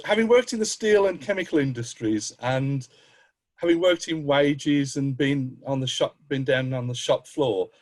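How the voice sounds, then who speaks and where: A man on a game-mastering panel speaking in a halting way with many restarts. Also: mid-range voice. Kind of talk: panel discussion chat.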